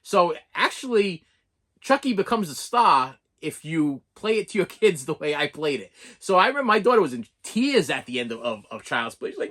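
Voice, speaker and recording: Rambling man with a lively voice. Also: high-pitched, fairly quick. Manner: rambling, repeats words. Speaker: video host and collector. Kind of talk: casual chat.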